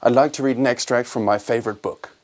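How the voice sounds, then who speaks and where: A man voicing a smooth-talking older male con man who speaks softly and meekly. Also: medium pitch, fairly even intonation, fast talker, natural voice. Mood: polite.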